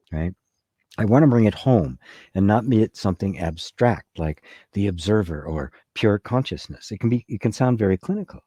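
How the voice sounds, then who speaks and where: A man giving a spiritual talk and answering a live chat in a soft-spoken, conversational way, often asking "right?". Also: on the low side, breathy edge, no room sound. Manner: conversational, repeats words, says "right?" often. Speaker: spiritual teacher.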